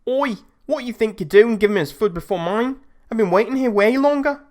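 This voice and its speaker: A man voicing a rude, hungover young male customer who shouts aggressively. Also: high-pitched, expressive, a little fast, pitched above the performer's own voice. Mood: angry shouting.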